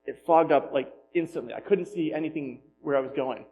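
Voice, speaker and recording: A man's voice: fairly high pitch, fairly quick, a little hiss or hum, poor audio. Man preaching a funny personal story. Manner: storytelling, self-deprecating humor, animated retelling. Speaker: pastor.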